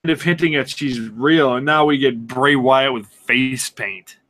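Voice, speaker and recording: A man co-hosting a casual sports podcast, excitable and sarcastic, swearing and laughing as he talks. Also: medium pitch, unhurried. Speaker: podcast co-host.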